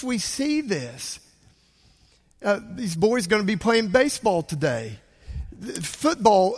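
A man preaching a sermon as pastor, swinging from quiet asides to loud bursts. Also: sits high, in a large hall.

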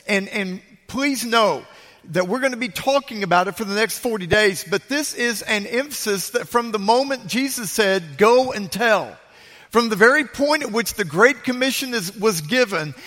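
Man, pastor, high voice, emphatic sermon, repeats key phrases, church reverb. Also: a bit bright. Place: large church sanctuary.

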